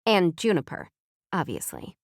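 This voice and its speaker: Sassy loyal girlfriend, voiced by a woman narrator; firm, teasing, lowish pitch. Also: wildly swooping pitch, normal speed, no room sound, clean studio sound, heavily acted. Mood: scolding.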